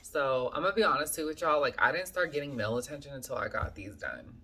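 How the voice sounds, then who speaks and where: A woman's voice: extremely low pitch, very animated, fast, sharp tone, slightly rough. A woman telling a story to her viewers in a casual vlog, chatty and full of fillers, often calling them y'all. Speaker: vlogger.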